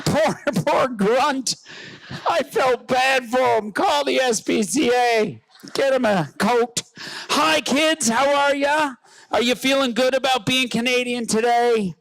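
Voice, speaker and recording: A comedian from rural Newfoundland doing loud, joking stand-up banter at an outdoor rally, often shouting to the crowd. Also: male voice, very high-pitched, no room sound, poor audio.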